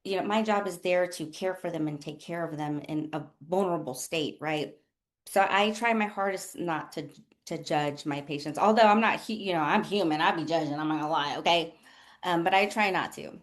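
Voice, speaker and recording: A woman's voice: on the low side, brisk. A woman who works as a nurse coach, hosting a casual motivational talk in a candid, rambling way with lots of fillers. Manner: rambling and chatty, full of fillers like "like" and "um"; candid and self-deprecating.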